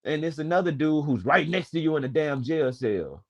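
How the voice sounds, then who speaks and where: A man's voice: a little high, lively intonation, normal speed, darkish tone, lo-fi sound. A man in his twenties speaking in a casual, rambling storytelling way. He swears freely as he talks. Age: 20s. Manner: wordy, digressive, swears freely. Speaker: panel speaker.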